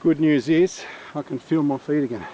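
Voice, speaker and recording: A man's voice: on the high side, moderate pace, warm tone. Chatty man on a bushwalk. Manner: chatty, self-narrating on the move. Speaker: bushwalking vlogger. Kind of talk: casual outdoor vlog. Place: outdoors in bush gorge by a waterfall. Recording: muffled camera audio with outdoor noise.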